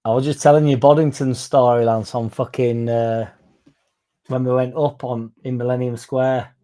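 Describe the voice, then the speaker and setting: Sweary laddish Yorkshire bloke with a mellow voice. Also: male voice, medium pitch, flat delivery, moderate pace. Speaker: fan channel host. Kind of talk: casual chat.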